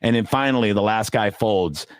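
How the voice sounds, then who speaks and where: A middle-aged man with a low voice spins stories in a relaxed, profane way. He jumps high in pitch whenever he acts out what someone said. The recording is dry and close, with no room sound. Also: moderate pace, smooth, dry recording. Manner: animated, swears freely, acts out quotes with big jumps in pitch. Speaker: poker dealer telling stories on a podcast. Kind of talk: casual storytelling.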